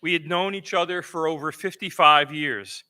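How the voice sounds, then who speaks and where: A man's voice: fairly high pitch, moderate pace, pushed and bright, clean tone. A man in his seventies remembering a lifelong friend in a reflective eulogy at a memorial service. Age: 70s. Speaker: old friend giving a eulogy.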